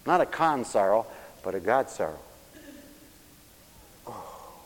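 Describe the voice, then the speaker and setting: A man preaching a sermon with emotion, swinging between hushed asides and loud exclamations. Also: lowish voice, big pitch swings, fairly quick, long reverb tail, rough recording.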